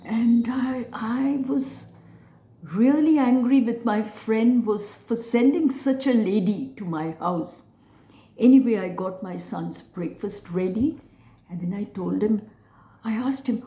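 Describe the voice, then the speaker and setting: Slow, hushed woman telling her story. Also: fairly high pitch. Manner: hushed, dropping at times to a whisper. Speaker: channel host telling her own story. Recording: roomy echo.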